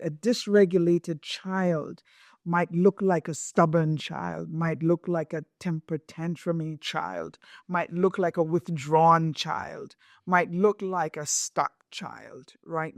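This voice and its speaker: A woman's voice: fairly low pitch, no room sound, clean studio sound. A middle-aged woman hosting a podcast, explaining in a reflective, conversational way and often checking in with "right?". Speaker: podcast host.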